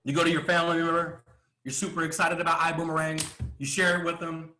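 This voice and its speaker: A man giving a motivational speech to a live audience from a stage, emphatic and full of rhetorical questions and pauses. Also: a little high, little pitch movement, sharp tone, reverberant. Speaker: motivational speaker.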